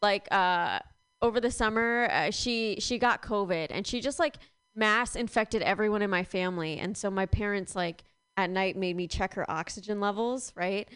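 A young woman performing a rambling, deadpan stand-up comedy set. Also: medium pitch, normal speed, clean tone, dry recording. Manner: deadpan, rambling with many fillers.

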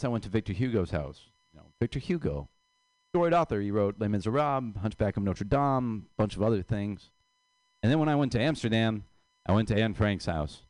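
A man with a fairly low voice works through a stand-up set at an open mic. His delivery is dry and self-mocking. The sound is close and dry, with no room echo. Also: darkish tone. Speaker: stand-up comedian.

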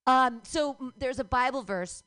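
A middle-aged woman doing a stand-up comedy set, ranting profanely and breaking into shouts. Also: high voice, measured pace, clean tone.

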